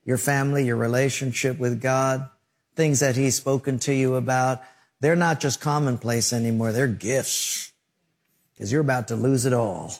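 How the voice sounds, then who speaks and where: A man's voice: medium pitch, fairly even intonation, moderate pace. A male pastor preaching a sermon, telling stories and acting out scenes and sound effects.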